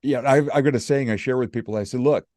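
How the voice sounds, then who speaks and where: American radio host, man; warm, mellow tone, dry close recording, folksy storyteller. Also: mid-range voice, fast talker, no room sound. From United States. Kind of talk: casual interview chat.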